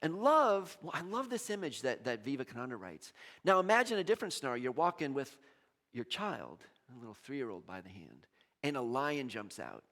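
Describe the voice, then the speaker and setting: Animated male pastor preaching. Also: mid-range voice, fairly quick. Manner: animated, acts out quoted voices, jokes with the congregation. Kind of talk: sermon. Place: church.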